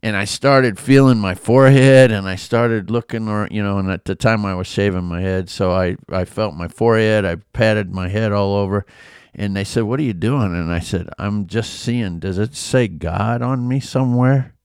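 A man reflects on scripture in a relaxed, earnest, conversational way, often breaking off into asides. His voice sits fairly low and sounds smooth and resonant. The recording is close and dry, with no room sound. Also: moderate pace, no echo. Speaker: Bible devotional host. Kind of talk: informal Bible commentary.

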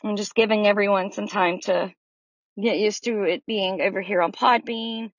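A woman's voice: mid-range voice, steady tone, normal speed, dry recording. A woman hosting a Bible study in a chatty, welcoming way, greeting listeners by name. She is recording outdoors in the sun. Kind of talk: casual chat. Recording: dry, slightly dull lo-fi audio.

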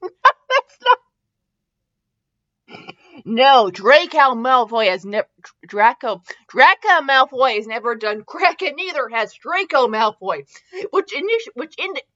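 A woman's voice: high-pitched, expressive, normal speed, sharp tone, lo-fi sound. A woman hosting a comedic fanfiction reading, breaking off into sarcastic asides and stumbling over words. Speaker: podcast host reading fanfiction.

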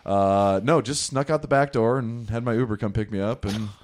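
A man's voice: lowish voice, normal speed, a little mellow. A young man casually telling a rambling, profane, self-deprecating story in a podcast chat.

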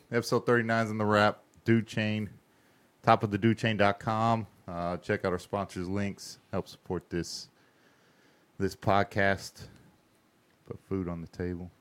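A man with a very low, deep voice co-hosting a podcast. He talks in a laid-back, casual way. He closes the show with a relaxed plug. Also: moderate pace, clean tone. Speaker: podcast co-host. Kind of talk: casual chat.

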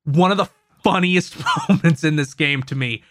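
A man's voice: on the high side, normal speed, a bit bright, no room sound, studio quality. A man talking casually about video games on a podcast, rambling, cursing and correcting himself as he goes. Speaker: podcast co-host. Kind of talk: casual gaming podcast chat.

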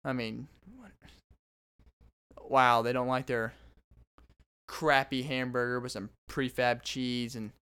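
Podcast host, young man in his twenties, mid-pitched and clear, with a rambling, casual monologue delivery. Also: fairly bright tone. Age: 20s. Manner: rambling, self-interrupting storyteller.

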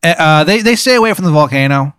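A man casually improvising a long, absurd story, rambling and deadpan with lots of restarts. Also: fairly high pitch, fast, clean tone, no echo, studio quality. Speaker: podcast host spinning an improvised story.

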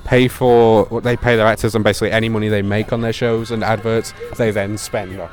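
A man's voice: on the low side, little pitch movement, a little fast, over music. A young man from Britain chatting casually outdoors, joking around and filling his talk with "like". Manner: chatty, joking, lots of 'like' fillers. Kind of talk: casual chat. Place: outdoors at a convention.

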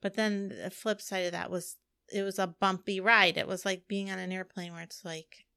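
A middle-aged woman talks through a long personal story in loose, rambling chat, her voice carrying a gravelly fry. The sound is dry and close, with no room around it. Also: mid-range voice, flat delivery, normal speed, pushed and bright, no room sound. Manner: chatty, rambling with frequent "like" and laughs. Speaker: podcast co-host. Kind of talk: casual chat.

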